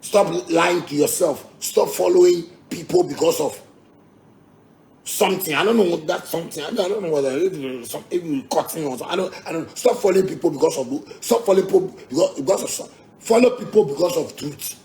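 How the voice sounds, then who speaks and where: A man's voice: on the high side, brisk, creaky, darkish tone, a little hiss or hum. A Ghanaian musician with a Ghanaian Pidgin English accent, delivering a heated, combative rant to his fans, repeating himself and swearing. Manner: combative, repetitive, swearing, laughing asides.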